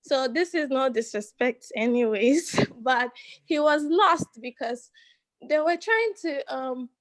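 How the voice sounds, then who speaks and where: High-voiced, slow, hesitant woman. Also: animated. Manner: hesitant, searching for words. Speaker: audience member asking a question. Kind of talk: conversational panel question.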